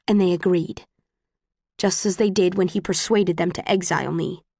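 A woman reading the lines of a cold, bitter middle-aged woman who leads rebels, in a cool, measured audiobook voice. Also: lowish voice, fairly even intonation, a little mellow, no echo, studio quality.

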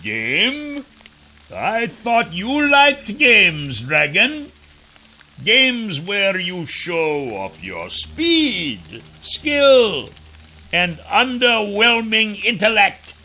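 Man voicing a slow, sneering villain. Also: high voice, wildly swooping pitch, sharp tone, pitched above the performer's own voice, full character voice. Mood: taunting. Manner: slow, drawn-out, taunting delivery. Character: sneering, cold male villain who toys with captives. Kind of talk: audiobook character voice.

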